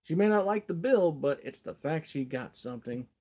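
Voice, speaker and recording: A man's voice: fairly high pitch, lively intonation, moderate pace, a little mellow. A man hosting a casual livestream, telling a rambling folksy story and chuckling often. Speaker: livestream host.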